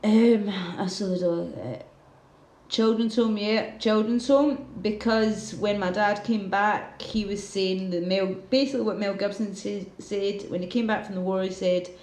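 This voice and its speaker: A woman's voice: mid-range voice, fairly even intonation, moderate pace, few pauses, a little mellow, roomy sound. A woman hosting a casual livestream, ranting heatedly with a lot of swearing and reading out viewer comments. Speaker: livestream host.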